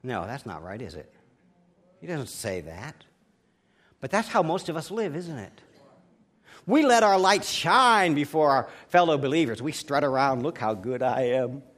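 A man's voice: a little high, sing-song, measured pace, pauses often, fairly bright tone. A man preaching a sermon as pastor, emphatic and telling anecdotes with a chuckle. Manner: preachy, emphatic delivery with rising and falling volume.

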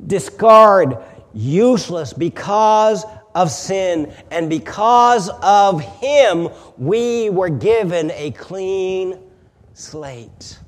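High-voiced preacher in a reverberant hall. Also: male voice. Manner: emphatic preaching, swelling louder on repeated phrases. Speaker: pastor. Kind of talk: sermon.

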